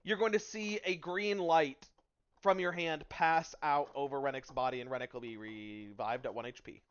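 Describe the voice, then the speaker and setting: A man's voice: medium pitch, moderate pace, smooth, dull audio. A man running a tabletop game as dungeon master, narrating scenes in a loose, filler-heavy way.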